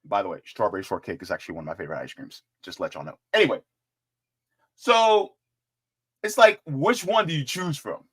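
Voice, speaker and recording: Man, political commentary host, lively swooping pitch, jokey, addresses viewers. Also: brisk, breathy edge. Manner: joking, animated, talks to viewers directly.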